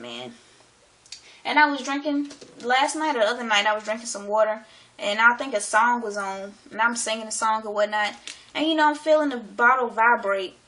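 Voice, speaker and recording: Woman on camera rambling excitedly, slangy, swears, bright high voice. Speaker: vlogger. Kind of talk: casual monologue to camera.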